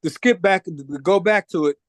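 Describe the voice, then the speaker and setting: A man's voice: sits high, fairly quick, dry recording. A middle-aged man, telling a story in a casual interview and acting out the voices of the people in it. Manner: animated, acts out quoted voices, says "man" a lot. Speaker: record producer guest.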